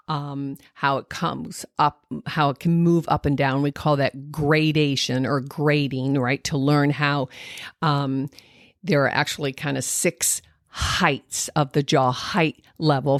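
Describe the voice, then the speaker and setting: A woman's voice: sits low, no room sound, studio quality. A woman hosting an educational podcast, explaining speech and language development and sounding out examples. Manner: explanatory, demonstrates sounds and intonation aloud, many fillers. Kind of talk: solo educational podcast talk.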